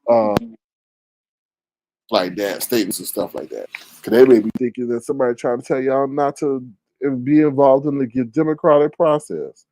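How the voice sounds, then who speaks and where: A man hosting a casual livestream chat, talking in a teasing, animated way. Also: medium pitch, normal speed, no room sound. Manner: animated, teasing, Southern US Black vernacular speech. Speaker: livestream host.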